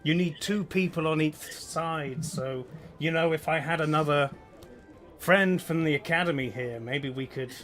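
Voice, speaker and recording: A man playing a tabletop game, speaking in a dry, playful, deadpan way in character. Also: fairly high pitch, a little slow, faint music behind. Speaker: player.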